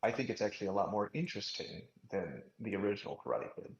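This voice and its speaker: Low, gravelly male co-host; teasing, opinionated; roomy, dull lo-fi sound. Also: animated, fast. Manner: teasing, opinionated, swears casually. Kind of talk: casual chat. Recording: roomy lo-fi recording.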